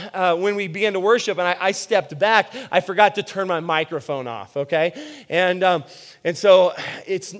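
A man's voice: sits high, fairly bright tone. A man preaching a sermon as pastor, telling stories in a casual, self-deprecating way with frequent restarts. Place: church.

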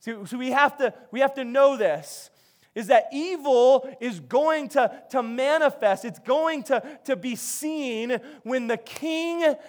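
A man preaching a sermon, telling a story with animated, restart-filled delivery. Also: extremely high pitch, takes it slowly. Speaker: pastor.

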